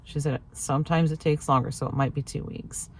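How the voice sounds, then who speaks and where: Chatty woman vlogger with a low voice. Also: steady tone, a little fast, a little mellow. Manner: chatty storytelling, acts out quoted lines, laughs often. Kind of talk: casual chat to camera.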